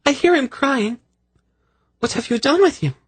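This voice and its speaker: A man voicing a frantic young queen, shrill and desperate as she searches for her baby. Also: lively intonation, normal speed, a bit bright, no echo.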